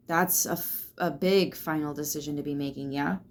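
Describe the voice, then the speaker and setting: Low-voiced woman giving a casual tarot reading. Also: steady tone, moderate pace, darkish tone. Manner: loose and chatty, swears freely, lots of fillers; reassuring, speaks straight to the listener. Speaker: tarot reader.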